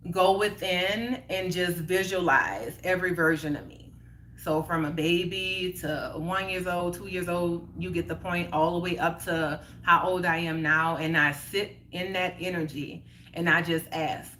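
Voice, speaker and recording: A woman in her thirties casually telling a personal story, animated and acting out the quoted voices of herself and others. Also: slight background noise. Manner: animated, acts out quotes with rising pitch and laughter. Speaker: host.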